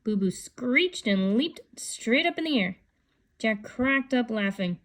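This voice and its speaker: A woman reading a children's book aloud in a calm, unhurried voice. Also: on the high side. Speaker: storybook reader.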